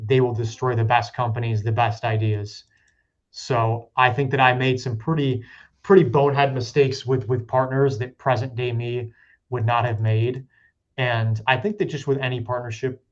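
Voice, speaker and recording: A man, a business founder, answering interview questions in a relaxed, reflective way, with fillers and restarts. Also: mid-range voice, lo-fi sound. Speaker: rage room business founder, guest.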